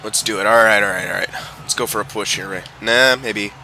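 A young man giving excitable, swearing live commentary while playing a video game. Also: lowish voice, brisk, faint music behind. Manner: excitable, swears and yells at players. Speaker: gameplay commentator.

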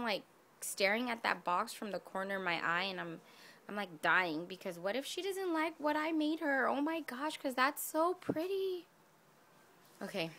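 A woman with a mid-range, slightly bright voice opens a craft swap package on her vlog, with a little background noise. She gushes breathlessly, gasping and whispering in awe, hot and catching her breath as she unboxes the craft gifts.

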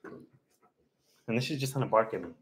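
A man's voice: lively intonation, fairly quick, breathy edge. A man hosting a casual live stream, chatting and laughing often with friends. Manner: laughing often, coaxing pets in a high voice.

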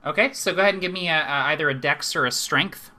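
A man running a live online tabletop game as game master, laughing easily and explaining rules in a relaxed way. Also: on the high side, fast talker.

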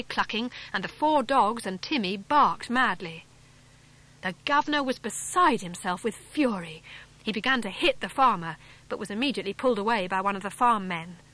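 A woman from England reading a children's adventure story aloud, clear and measured, lifting her pitch slightly for the young characters. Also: bright, forceful tone. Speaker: audiobook narrator. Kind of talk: scripted storybook narration.

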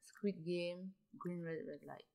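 A young woman giving dramatic, excitable commentary while playing a life-simulation game, often gasping and exclaiming. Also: on the low side, takes it slowly, vocal fry. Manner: dramatic, gasps and exclaims, ends points with "okay?". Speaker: gaming YouTuber.

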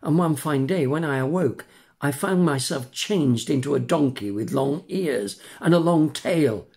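A man's voice: a little high, unhurried, darkish tone. An older man voicing a cheeky, playful wooden puppet boy in a storybook reading, with a mischievous sing-song manner. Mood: storytelling.

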